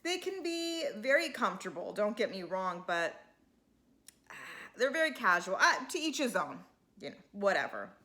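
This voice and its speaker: A woman's voice: mid-range voice, very animated, normal speed, bright, forceful tone. A woman hosting a casual reality-TV recap, chatty and full of fillers, acting out what the people on the show said. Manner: chatty, acts out quotes. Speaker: TV recap host.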